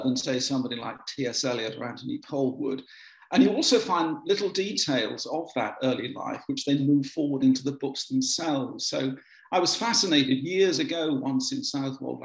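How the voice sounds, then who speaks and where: A man's voice: mid-range voice, gravelly, reverberant, poor audio. A man giving a biographer's talk, telling anecdotes with many restarts and ums in a dry, wry way.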